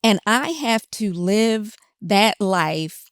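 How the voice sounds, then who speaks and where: A woman guest telling her story candidly in an interview, emphatic and animated when she quotes herself. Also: medium pitch, extremely slow, clear, resonant tone, dry recording, clean studio sound.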